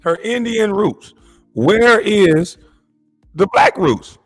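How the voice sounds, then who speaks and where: A man's voice: high voice, animated, slow pace, faint music behind. A man hosting a casual commentary show, reacting to clips in an indignant, mocking way.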